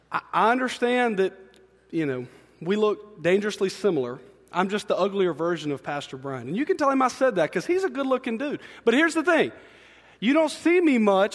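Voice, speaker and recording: A young man preaching in a church sanctuary, his fast, excitable, joking delivery carrying a long reverb tail. His voice sits high for a man and bursts with enthusiasm. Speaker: student ministry pastor. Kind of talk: energetic sermon.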